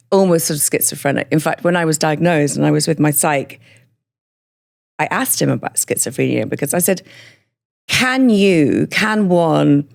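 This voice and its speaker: A woman from northern England with a hybrid northern English and Scottish accent, talking frankly as a podcast guest, chatty and quick to laugh. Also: low-pitched, vocal fry, a little mellow. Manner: frank, chatty, laughs often, slows for emphasis. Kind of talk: candid personal interview.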